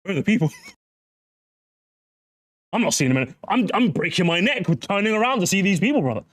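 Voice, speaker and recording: A man's voice: high voice, fairly quick, dry recording, studio quality. A man streaming live and reacting to clips, mocking them and laughing a lot. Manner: animated, mocking, laughs often.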